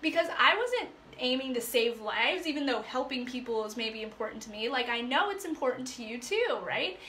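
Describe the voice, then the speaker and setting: A woman life coach telling a personal story to her viewers in a chatty, animated way, full of fillers. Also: fairly high pitch, moderate pace, roomy sound, a little hiss or hum. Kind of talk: casual storytelling to live viewers.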